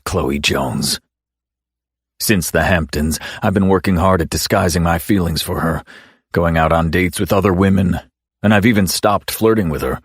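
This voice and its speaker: A man narrating a first-person romance audiobook in a wry, teasing, measured way. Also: low-pitched, a bit bright, husky, dry recording, clean studio sound.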